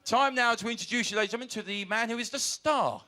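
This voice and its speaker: A man warming up a TV studio audience, joking and calling out to the crowd. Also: very high-pitched, quick pace. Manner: cheeky, joking, shouting to the crowd. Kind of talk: audience warm-up banter.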